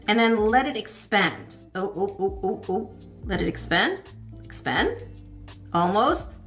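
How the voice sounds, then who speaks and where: A woman hosting her own channel, talking through a craft kit review as she works with her hands, chatty and self-encouraging, easily flustered into quick exclamations. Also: medium pitch, animated, faint music behind.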